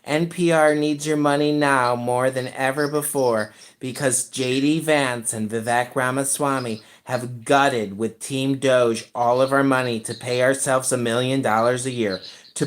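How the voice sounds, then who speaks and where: A man voicing a pleading public radio fundraising announcer in a mock pitch. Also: lightly acted. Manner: low, earnest pitch-drive voice.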